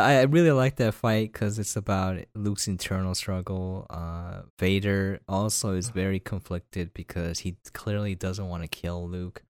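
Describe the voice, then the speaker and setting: Man, podcast co-host, low voice, jokey, laughs a lot, casual chat, dry sound. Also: no room sound. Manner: enthusiastic, laughs often, jokey.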